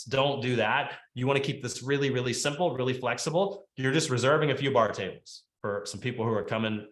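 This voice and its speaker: A man teaching a webinar talk on real estate marketing, lively and conversational, acting out quick phone dialogues. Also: mid-range voice. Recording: echoey room.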